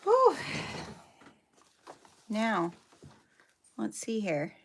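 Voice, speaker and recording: A woman's voice: a little high, wildly swooping pitch, very slow, a little hiss or hum. A woman hosting a casual sewing livestream from her home, chatting and thinking aloud as she works. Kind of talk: casual sew-along demonstration.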